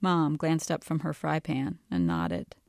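A woman author reading her own novel aloud in a calm, measured way. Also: sits low, vocal fry, no room sound, clean studio sound.

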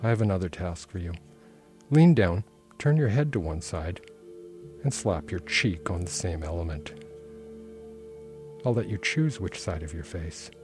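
A man with a very low voice reads from his own novel, slow and deliberate in its dark first-person telling. Clear music plays behind him throughout. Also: animated. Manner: measured, dark and intense first-person narration. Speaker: author reading his novel. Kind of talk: literary reading.

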